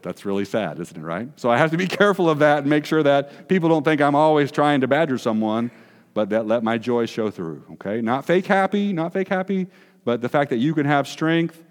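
A man's voice: mid-range voice, expressive, fairly quick. A man preaching a conversational sermon, chatty and quizzing his congregation with self-deprecating asides. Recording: long hall reverb.

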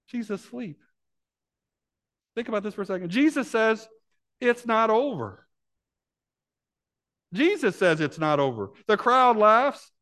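A man preaching a sermon as pastor, acting out voices from the Bible story and swinging between hushed, intimate lines and loud, climbing passages. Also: high-pitched, sing-song, unhurried, pauses often. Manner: acts out voices in Bible scenes.

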